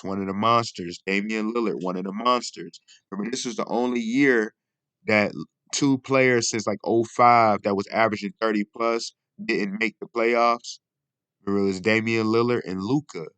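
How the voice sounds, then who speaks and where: Low-voiced man rambling on a vlog. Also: a bit bright, no echo. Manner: rambling, repeats "you know what I mean". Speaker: video host. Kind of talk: casual commentary vlog.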